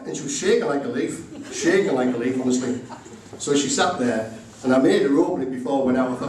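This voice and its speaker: A man's voice: medium pitch, fairly quick, noisy background. A middle-aged man giving a humorous wedding speech as the groom, acting out both sides of each conversation. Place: indoor wedding reception room. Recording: very echoey room recorded from far off.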